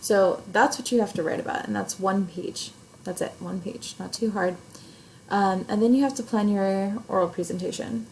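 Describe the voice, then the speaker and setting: In a medium-pitched, slightly mellow voice, a young adult woman who teaches English records herself on camera at home or in a class setup. She casually explains an assignment one step at a time, leaning on lots of fillers. There's a little hiss or hum, and the recording quality is low.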